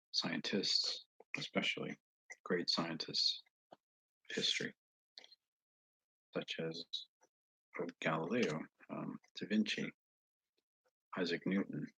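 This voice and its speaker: A man with a Northeast US accent, hosting a casual live chat with viewers. He rambles slowly, with frequent pauses and fillers and asides that trail off quietly. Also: deep voice, gravelly, husky, no echo, poor audio. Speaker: channel host answering viewers.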